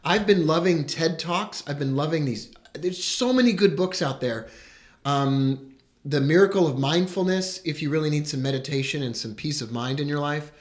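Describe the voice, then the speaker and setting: An enthusiastic man hosting a live stream. His voice sits a little high for a man, and he chats with excitement, greeting viewers as they join. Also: moderate pace. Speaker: host. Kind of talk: live broadcast chat.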